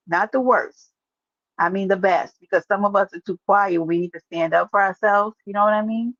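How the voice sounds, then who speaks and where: A woman with a mid-range voice hosts a casual livestream, chatting and teasing as she answers viewers by name. The recording sounds dry and muffled.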